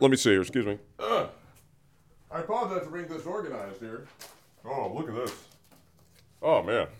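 A man's voice: medium pitch, a bit bright. A man hosting a radio show in a studio, talking sports in a loose, digressive way and often interrupting himself. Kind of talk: casual rambling sports talk.

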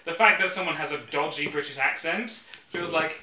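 A man's voice: fairly high pitch, fairly quick, far from the mic, a crowd in the background. A man chatting on a film podcast, dry and sardonic. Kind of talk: casual chat. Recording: echoey room, off-mic.

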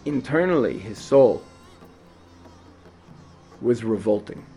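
A man teaching a Torah lesson, telling the story in a lively way with asides and restarts. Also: on the low side, slow pace, soft background music.

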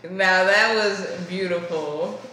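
Podcast co-host, slow and playful, bright tense voice, heavy room echo. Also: medium pitch. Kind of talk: casual chat. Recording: very echoey room.

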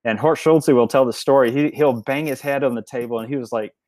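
A man's voice: medium pitch, steady tone, fairly quick, a little mellow, no echo. A man telling a story in a casual interview, rambling with many restarts and fillers. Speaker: guest, family member of a restaurant chain.

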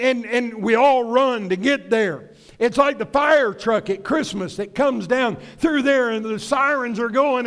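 High-voiced emphatic preacher. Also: male voice. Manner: folksy, emphatic preaching with storytelling asides. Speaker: pastor. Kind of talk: sermon.

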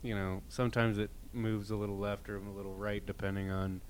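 A man's voice: fairly low pitch, flat delivery, brisk, a little hiss or hum. A man co-hosting a podcast, telling rambling stories in casual, profane chat with many restarts. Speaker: podcast co-host.

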